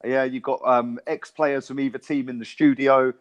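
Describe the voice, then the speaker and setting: Sweary, emphatic football fan. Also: male voice, medium pitch, steady tone, normal speed. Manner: sweary, emphatic, keeps asking "right?". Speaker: podcast co-host. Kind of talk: casual football chat.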